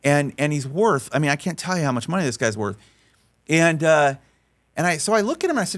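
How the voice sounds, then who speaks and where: A man speaking on a podcast, telling a story in an animated way and repeating words as he restarts his sentences. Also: fairly quick. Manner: animated storyteller, voice rising high when acting out quotes. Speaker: faith-based life coach and podcast guest.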